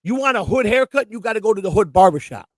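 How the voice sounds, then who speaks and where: Co-hosting a home live stream, this man rambles through profane stories in casual chat, often breaking off and restarting his sentences. He talks fast in a high, expressive voice, with no room sound at all.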